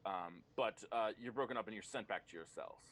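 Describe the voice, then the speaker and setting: A man narrating a tabletop game as game master, often pausing on ums and uhs. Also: on the low side, a bit bright. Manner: hesitant, many ums and uhs.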